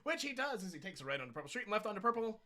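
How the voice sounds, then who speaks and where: A man on a stream telling a long, rambling joke in an animated, playful way, correcting himself as he goes. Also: high voice. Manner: animated, repetitive, playful, with quick self-corrections. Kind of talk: rambling shaggy-dog joke storytelling.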